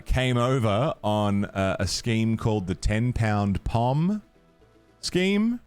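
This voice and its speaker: An Australian man chatting casually on a game stream, swearing freely, laughing often and rambling with restarts. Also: on the low side. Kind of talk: casual stream chat while gaming.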